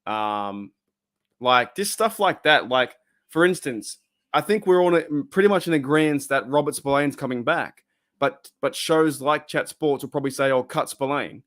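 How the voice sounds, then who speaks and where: A man's voice: fairly high pitch, moderate pace, a bit bright. An Australian man hosting a casual live stream, talking bluntly and heatedly and swearing freely.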